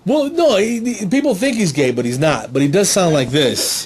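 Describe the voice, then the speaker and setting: A middle-aged man telling a stand-up comedy story, animated, slipping in silly character voices. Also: sits high, moderate pace, hardly any pauses, a crowd in the background.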